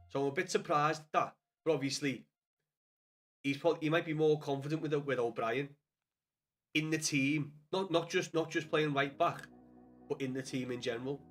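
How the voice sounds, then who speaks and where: A man's voice: medium pitch, fairly bright tone. A young man with a Scouse accent chatting casually on a live stream about football, swearing often and calling viewers lad. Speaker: livestream host.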